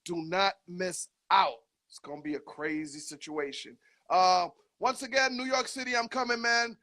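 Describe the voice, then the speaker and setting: A man's voice: sits high, normal speed, sharp tone. A man hosting a radio show, chatting casually with a guest in hyped, slangy talk and laughing often. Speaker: radio DJ host. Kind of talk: casual radio interview chat.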